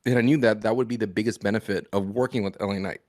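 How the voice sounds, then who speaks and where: A man's voice: on the low side, steady tone, rapid-fire, darkish tone, dry recording, studio quality. A man co-hosting a wrestling podcast in casual chat, playful and argumentative. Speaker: podcast co-host.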